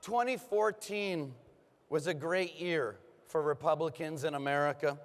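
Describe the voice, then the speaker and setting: A man giving a rousing political conference speech from a podium, his voice hoarse from overuse, with punchy applause lines. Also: on the high side, measured pace. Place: large conference hall. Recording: long reverb of a big hall.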